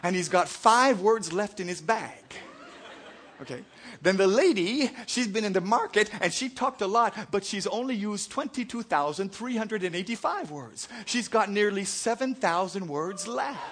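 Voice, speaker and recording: A man's voice: high-pitched, lively intonation, normal speed, fairly bright tone, slightly rough. A man preaching a sermon, telling jokes and stories to his congregation. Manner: joking, storytelling preacher. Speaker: pastor.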